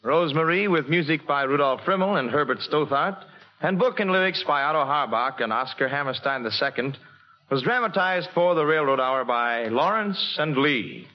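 A man hosting a vintage radio show in a brisk, genial announcer style. His voice sits a little high and swings lively in pitch. The sound is dull and lo-fi, like an old broadcast.

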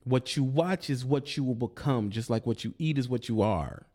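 A man's voice: medium pitch, moderate pace, warm tone. A man, delivering a confrontational, preachy monologue aimed at a rival, taunting and repeating his points. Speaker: online commentator.

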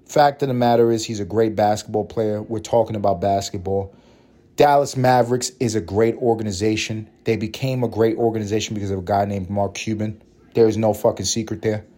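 A man hosting a solo podcast, ranting about basketball in a profane, opinionated, animated way. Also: on the low side, brisk. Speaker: podcast host.

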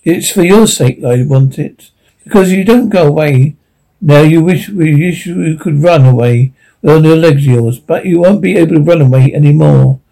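A man's voice: fairly high pitch, moderate pace, creaky, dark tone, poor audio. A man voicing a young male stag who speaks with tense, held-back anger. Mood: angry. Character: young male stag, fierce but restrained. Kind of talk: audiobook character reading.

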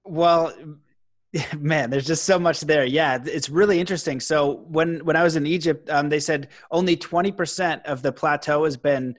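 A fairly high-voiced man rambles with enthusiasm as he hosts a casual interview, stacking fillers and restarts as he goes. The sound is dry and close, with no room around it. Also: steady tone, normal speed, no echo. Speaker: podcast host.

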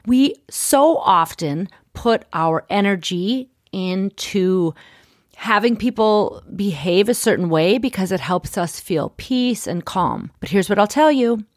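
A middle-aged woman and life coach hosting her podcast, talking in an encouraging, gently persuasive way. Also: mid-range voice, lively intonation, slow, no room sound, clean studio sound. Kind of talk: podcast monologue.

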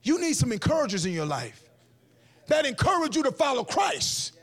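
High, lively preacher man. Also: normal speed. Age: 40s. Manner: animated, comic, acts out quotes in different voices. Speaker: guest speaker. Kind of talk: energetic sermon. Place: church event hall before an audience.

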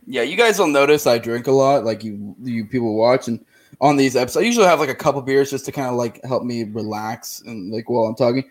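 A man's voice: medium pitch, quick pace. A man hosting his own podcast, talking loosely and crudely in casual chat. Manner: loose and profane, lots of fillers and restarts. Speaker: podcast host.

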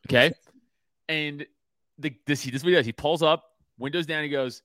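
A man hosting a podcast, telling a story in casual chat, animated, swearing and laughing often. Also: on the high side, brisk, long pauses, dry recording. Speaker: podcast host.

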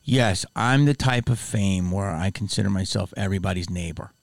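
Here a man with a low, gravelly voice hosts a podcast at a moderate pace. The chat is casual, full of stories and frequent laughter, delivered with animated energy.

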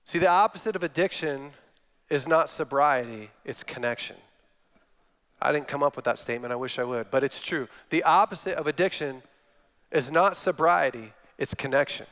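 The sermon comes from a thirty-something guest speaker whose voice is on the high side and a bit bright, at normal speed. Long reverb from the hall trails his words as he tells stories and performs quotes.

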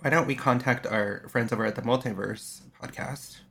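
Gravelly-voiced man in enthusiastic chat. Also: mid-range voice, moderate pace, a bit bright, a little hiss or hum. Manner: enthusiastic, chatty. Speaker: podcast co-host. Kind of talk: casual chat.

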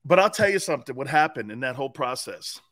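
A middle-aged sports radio co-host talks fast at a medium pitch, spinning loose, profane stories in casual chat. He keeps cracking up as he animatedly relives each tale.

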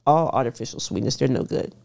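A woman's voice: a bass voice, quick pace, creaky, darkish tone. A middle-aged woman talking casually as a nutrition expert guest, stressing her points and repeating them for emphasis. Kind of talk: casual interview chat.

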